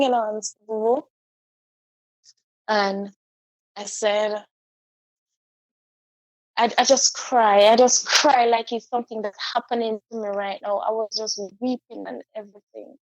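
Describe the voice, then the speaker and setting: A woman, a guest telling a personal story in a halting, heartfelt way with frequent repeats. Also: a little high, darkish tone, dry recording. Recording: dull, dry lo-fi recording.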